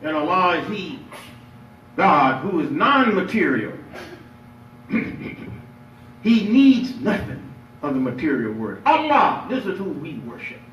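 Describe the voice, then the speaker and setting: A man preaching a lively Friday sermon as imam, playful and emphatic, drawing responses from the congregation. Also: a little high, takes it slowly, long pauses, muffled recording, slight background noise. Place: mosque prayer hall. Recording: echoey hall, picked up from far off.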